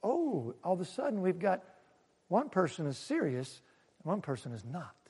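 High-voiced preacher in a reverberant hall. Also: male voice, huge pitch swings, normal speed, vocal fry, husky. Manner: dramatic preaching, swings from loud to hushed; asks the congregation questions. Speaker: pastor. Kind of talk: sermon.

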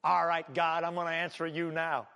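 A man voicing Jonah as an angry, defiant man, shouting indignantly at God. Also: fairly high pitch, little pitch movement, normal speed, vocal fry, clean tone, big-room sound.

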